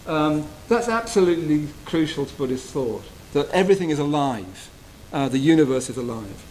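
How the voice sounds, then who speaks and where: Buddhist teacher, man, soft reflective delivery, slightly raised pitch. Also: animated, moderate pace, a little hiss or hum, low-quality recording. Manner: gentle, tender, often checks in with "yeah?". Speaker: Buddhist teacher giving a retreat talk. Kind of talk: reflective dharma talk. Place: retreat hall.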